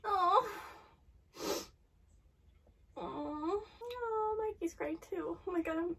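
Emotional high-voiced woman reacting to anime. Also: takes it slowly, long pauses, a bit bright, far from the mic. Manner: emotional, exclaiming and sighing, trailing off mid-sentence. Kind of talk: reacting aloud to an anime episode.

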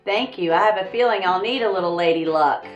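A woman's voice: lowish voice, brisk, roomy sound, highs cut off, soft background music, close to an everyday voice. A woman playing a genteel lady sharpshooter with polite, refined manners.

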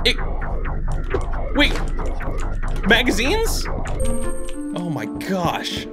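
A woman streaming a video game, commentating excitedly with frequent laughs and frantic exclamations. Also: on the high side, slow pace, long pauses. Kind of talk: let's play commentary. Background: game music.

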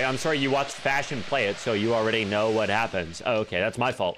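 A man's voice: lowish voice, quick pace, few pauses, a bit bright, slight background noise. A man streaming a horror game, joking and swearing as he talks to his chat. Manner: profane, jokey, talks to chat. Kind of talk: casual gameplay commentary. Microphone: desk microphone.

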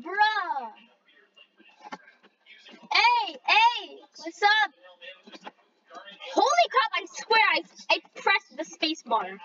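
A female gamer giving excitable live commentary on a race, with shrieking exclamations and jokey trash talk. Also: sits high, muffled recording.

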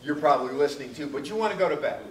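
A man with a slightly high, expressive voice talks rapid-fire while teaching a class, calling on students by name and acting out quoted lines. The lecture is captured from a distance in an echoey classroom.

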